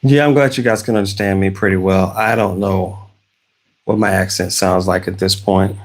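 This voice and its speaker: A man from Arkansas, USA, with a Southern American accent hosts a casual live stream at home while crafting. He rambles conversationally with many restarts, his low voice steady in tone and normal in speed.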